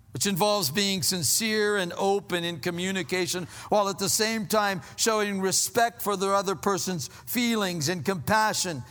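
A man preaching a sermon, slowing down to stress his points and dropping to a hushed, low voice for emphasis. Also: in a large hall. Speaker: pastor.

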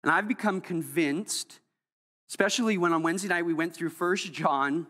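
A pastor preaching a sermon in a church sanctuary, the voice trailing off into a long hall reverb. The delivery is emphatic, dropping to near-whispers and then rising sharply. The voice sits at a middling pitch. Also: normal speed. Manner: emphatic, swings between soft and loud.

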